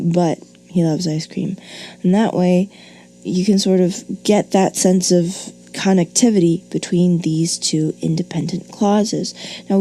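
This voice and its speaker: Expressive woman teaching grammar. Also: on the low side. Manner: expressive, rhetorical questions, mock exasperation. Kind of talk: video grammar lesson.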